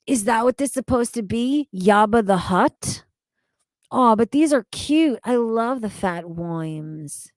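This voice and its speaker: A woman's voice: fairly high pitch, animated, slow, no echo. A woman streaming casually, talking to her chat, swearing freely and laughing often. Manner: loud, profane, laughing often.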